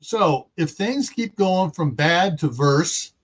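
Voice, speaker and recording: A man's voice: a little high, lively intonation, slow pace. A man from California hosting a casual livestream chat, rambling with sarcastic asides. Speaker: host.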